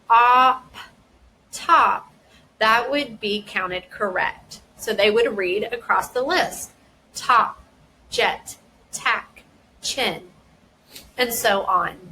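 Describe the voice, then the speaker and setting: A woman who works as a school dyslexia specialist, giving a careful explanation and deliberately sounding out words and their parts. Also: medium pitch, sharp tone, slight background noise, poor audio. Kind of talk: instructional explanation.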